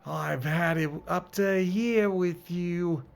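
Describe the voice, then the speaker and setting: A man voicing a brash, foul-mouthed young woman thief with a loud, slangy, quarrelsome manner. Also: mid-range voice, sing-song, drawn-out words, full character voice. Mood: brash angry.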